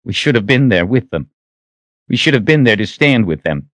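A man's voice: medium pitch, very animated, normal speed, fairly bright tone, no echo, voice pushed up. A man playing a resolute young army captain. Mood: earnest. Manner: earnest, raised and intense delivery.

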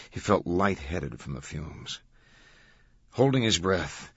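A man narrates an audiobook in a measured, dramatic way. His voice is very low and strongly husky. The recording is dry and slightly dull. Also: fairly bright tone, no room sound. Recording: dull, dry studio sound.

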